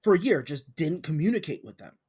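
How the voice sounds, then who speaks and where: A man's voice: on the high side, sing-song, fairly quick, a little mellow, husky. A man co-hosting a podcast, chatting casually and ranting, getting heated and profane. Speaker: podcast co-host. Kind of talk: casual chat.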